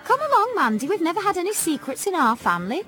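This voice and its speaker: A woman's voice: very high-pitched, sing-song, fast, sharp tone, soft background music, pitched above the performer's own voice, exaggerated voice. A woman voicing a worried, doting mother who fusses and insists. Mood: worried insistent. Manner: fussing, emphatic, worried. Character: anxious, doting middle-aged British mother.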